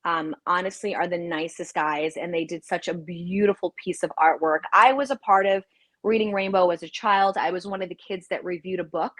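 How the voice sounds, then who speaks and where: A woman in her forties with a New York accent, a guest actress chatting in a lively, bubbly way and telling stories over a video call. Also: on the low side, a little fast, dry recording. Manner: bubbly, chatty storyteller who mimics her own voice. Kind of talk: casual interview chat.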